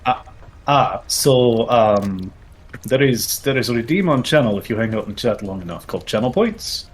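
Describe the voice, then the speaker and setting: A man's voice: mid-range voice, expressive, normal speed, slightly rough. Man in a fake Russian accent. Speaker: streamer and host. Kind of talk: casual gaming livestream chat.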